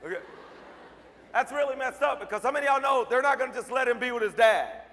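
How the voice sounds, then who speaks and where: A man's voice: very high-pitched, fast, fairly bright tone, a little hiss or hum. A man giving a motivational speech to a student audience, joking and talking straight to the crowd in punchy bursts. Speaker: motivational speaker. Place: large hall at a school assembly. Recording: long hall reverb.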